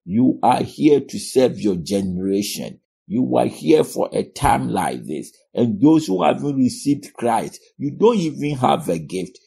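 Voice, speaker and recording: Slow, gravelly-voiced male preacher. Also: lowish voice, mellow. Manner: earnest, repeats phrases, addresses listeners as "my friend". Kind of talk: sermon.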